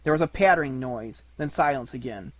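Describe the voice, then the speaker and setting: A man reading a children's storybook aloud in an expressive narrating voice. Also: medium pitch, fairly quick. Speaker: audiobook reader.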